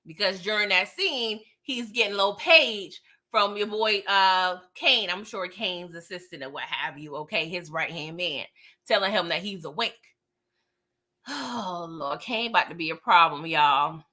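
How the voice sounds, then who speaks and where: A woman hosting a casual TV recap, talking in an animated way, often laughing and tagging her sentences with "okay?". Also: fairly low pitch, unhurried. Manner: animated, tags lines with "okay?". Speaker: TV recap channel host.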